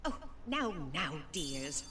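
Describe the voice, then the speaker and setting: A woman's voice: lowish voice, very animated, takes it slowly. An actress voicing a fussy, motherly older fairy godmother who calls everyone dears. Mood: doting. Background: loud game music.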